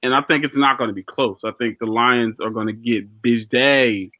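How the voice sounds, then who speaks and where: A man's voice: medium pitch, moderate pace, bright, forceful tone, dry recording. A man co-hosting a casual sports podcast, talking in a loose, slangy way and repeating himself as he argues. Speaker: podcast co-host.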